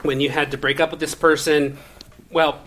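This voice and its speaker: A man's voice: fairly high pitch, flat delivery, normal speed, a bit bright. A man co-hosting a podcast, setting up puns in playful casual chat. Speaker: podcast co-host. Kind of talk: casual pun-swapping chat.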